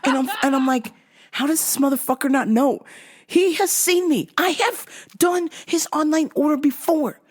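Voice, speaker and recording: A woman hosting a podcast, telling a story casually with plenty of swearing and acting out both sides of an argument. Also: sits high. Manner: profane, exasperated retelling; acts out both sides of a quarrel. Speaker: podcast host.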